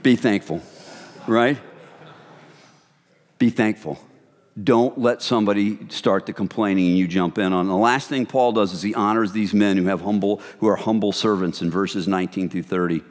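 A male pastor giving an animated sermon to a congregation, sometimes dropping into hushed voices to act out gossip. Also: on the low side, moderate pace, long reverb tail.

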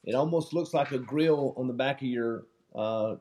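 A man talking in a relaxed, plain-spoken way, telling stories as a guest in a casual interview. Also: mid-range voice, moderate pace. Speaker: company founder's son, guest.

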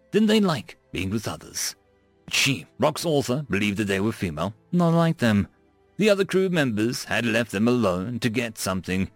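A male narrator reading a space story with a lively, wide-ranging delivery at a middle pitch. The recording is dry and close, with faint music playing underneath. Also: no echo. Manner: animated storytelling.

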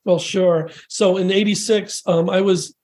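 An older American man in his sixties tells long, animated stories as a podcast guest. His voice sits high for a man, and he rambles through restarts and quick quoted asides. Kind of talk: casual storytelling interview.

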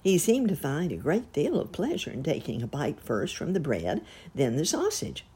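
A woman reading a storybook aloud in a gentle, measured way. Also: deep voice, wildly swooping pitch, breathy edge. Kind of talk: storybook narration.

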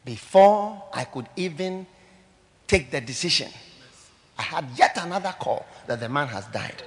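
A pastor, preaching a sermon and telling stories, swinging between loud declarations and hushed asides. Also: male voice, on the high side, lively intonation, measured pace.

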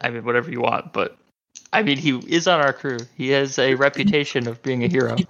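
Casting: male player, mid pitch, casual and halting, dull lo-fi audio. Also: fairly bright tone, a little hiss or hum. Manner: quick, fumbling restarts. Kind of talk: casual chat. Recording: slightly muffled lo-fi audio.

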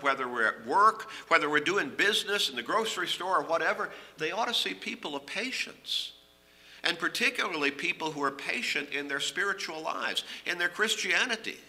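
A middle-aged man preaching a sermon, earnest and emphatic, rising on key phrases and dropping low at the ends. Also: sharp tone.

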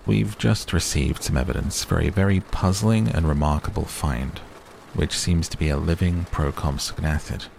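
A man's voice: a bass voice, moderate pace, creaky, a little mellow, slight background noise. A man voicing an old male tycoon who is cheerful, persistent and talks over others, read as an audiobook character.

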